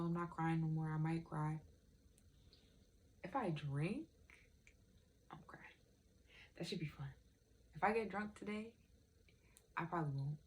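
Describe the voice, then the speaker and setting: A woman's voice: sits low, a little mellow, a little hiss or hum. A young woman vlogger in casual, candid chat, rambling and swearing freely.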